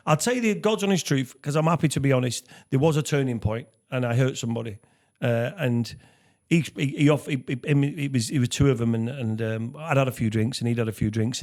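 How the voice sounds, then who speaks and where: A man co-hosting a podcast, talking candidly and earnestly, halting with many restarts. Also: mid-range voice, a little mellow. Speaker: podcast co-host. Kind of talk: candid conversation.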